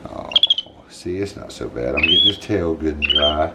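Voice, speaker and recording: A man's voice: very deep voice, wildly swooping pitch, normal speed, heavy background noise. A man vlogging while bathing his pet monkey, soothing it with cooing baby talk. He narrates casually in a bathroom.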